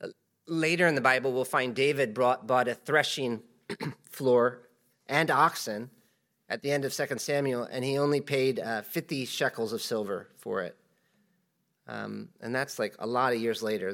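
A man teaching a Bible study in a relaxed, conversational way, with many fillers and asides, reading the verses aloud with more force. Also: medium pitch.

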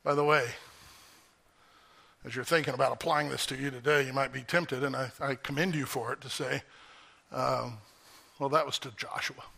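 A male pastor preaching a sermon at a church service, animated and emphatic, throwing out rhetorical questions to the congregation. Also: medium pitch, normal speed, gravelly, long pauses.

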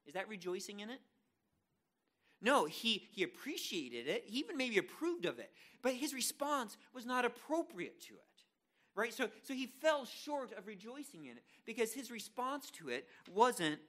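A man delivers a sermon to his congregation in a casual, joking manner, often restarting his sentences. His pitch swings widely, and his tone is bright. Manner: conversational, self-deprecating, frequent restarts. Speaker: pastor.

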